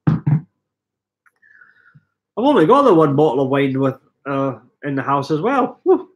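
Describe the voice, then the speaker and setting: Middle-aged Scottish man, hoarse with a cold, rambling chatty live-stream host, self-mocking, voice sits a bit high. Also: very animated, measured pace, muffled recording, soft background music. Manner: chatty, self-mocking, reading out viewer comments. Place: living room at home.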